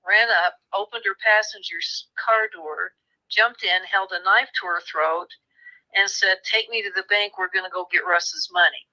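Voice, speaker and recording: Woman, author guest, very bright tone, animated storytelling, acts out quoted voices. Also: mid-range voice, rough recording. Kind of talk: conversational storytelling.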